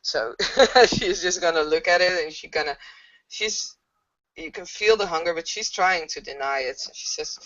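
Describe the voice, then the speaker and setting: A woman playing a tabletop game, describing her character's actions in a halting, hesitant way, on a dull lo-fi recording. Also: lowish voice, a bit bright. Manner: hesitant, halting narration with fillers. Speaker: player.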